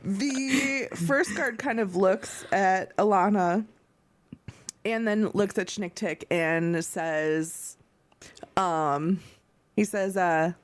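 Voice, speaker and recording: A woman's voice: mid-range voice, extremely slow. A woman running a tabletop game as game master, narrating with frequent laughter and filler words. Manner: laughing, full of ums and likes.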